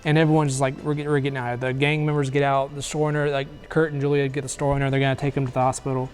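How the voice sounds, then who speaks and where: A man's voice: mid-range voice, little pitch movement. A man hosting a movie review show, casually retelling a film's plot with many fillers and restarts. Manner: rambling, filler-heavy plot retelling with quick acted quotes.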